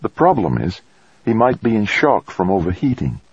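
A man voicing a tense female physician who asks brisk, clinical questions. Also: on the low side, sing-song, breathy edge, dry recording, highs cut off, pitched above the performer's own voice, full character voice.

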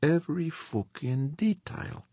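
A man's voice: a little high, very animated, slow, warm tone, dry recording, voice pushed up, heavily acted. A man voicing a weary, profane male spacer who swears bluntly and insists on his point, read as an audiobook character. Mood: agitated.

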